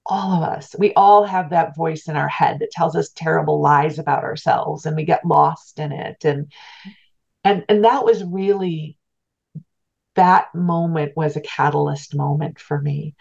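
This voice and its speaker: A woman's voice: sits low, unhurried, creaky, darkish tone, muffled recording. A middle-aged woman telling a personal story as an interview guest, earnest, heartfelt and reflective. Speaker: guest, spiritual teacher.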